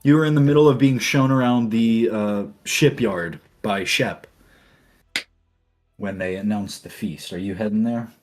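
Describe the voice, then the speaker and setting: A man narrating as game master of a tabletop game, in a relaxed, laid-back way. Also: on the low side, measured pace, soft background music.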